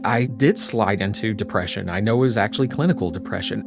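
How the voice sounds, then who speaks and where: A young adult man, interviewed, reflecting on his life in a quiet, emotional way. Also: fairly low pitch, fast talker, vocal fry, over music. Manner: reflective, quietly emotional, sometimes trails to a whisper. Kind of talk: personal storytelling.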